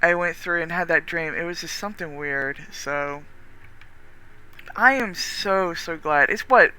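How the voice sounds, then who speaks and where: Gaming as he chats, this streamer rambles warmly to his viewers in a Texan accent, restarting often and swearing now and then. His mid-range voice moves at a normal speed and sounds smooth.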